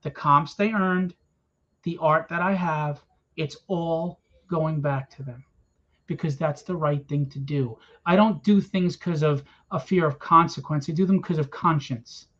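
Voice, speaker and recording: A man's voice: fairly high pitch, fairly even intonation, a little slow, a bit bright. A man who is a comic book publisher delivers a blunt, confrontational rant to a small crowd in a room at a convention, swearing freely. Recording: dull lo-fi event recording.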